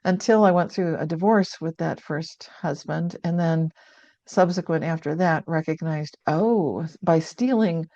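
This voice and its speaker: A woman's voice: low-pitched, fairly even intonation, normal speed, dark tone, no room sound. An older woman telling a personal story as a guest author, earnest and reflective, often restarting her sentences. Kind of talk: conversational storytelling. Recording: dull lo-fi sound.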